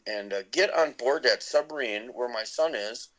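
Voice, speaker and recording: A middle-aged man tells a long story on a podcast in a loose, rambling way. He restarts his sentences again and again, and his voice sits at an ordinary middle pitch. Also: brisk, few pauses, fairly bright tone, rough recording. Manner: rambling with many restarts and laughs. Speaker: podcast guest, musician. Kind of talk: casual storytelling.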